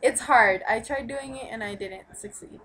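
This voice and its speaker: A young woman chatting casually in a home video, giggly and quick to swear. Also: a little high, fairly bright tone, low-quality recording. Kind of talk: casual vlog chat.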